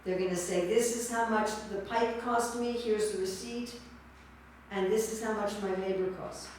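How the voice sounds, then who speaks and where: Picked up from far off in a reverberant lecture hall with slight background noise, a woman lecturer quizzes her class, echoing their responses and marking them right or wrong. Her medium-pitched voice is steady in tone, a little mellow, and moves at normal speed.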